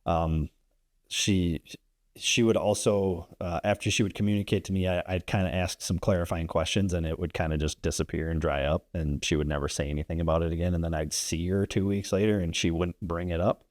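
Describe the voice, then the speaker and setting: A man's voice: low voice, fairly even intonation, brisk, darkish tone, dry recording, studio quality. A man, a landlord and investor guest, telling a story in casual podcast chat, rambling and tagging sentences with "right?".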